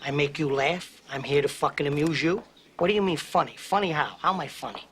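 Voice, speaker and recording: An actor playing a touchy, menacing gangster who needles with confrontational questions, from a film clip. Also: male voice, a little high, fairly quick, natural voice. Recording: film clip with faint background noise.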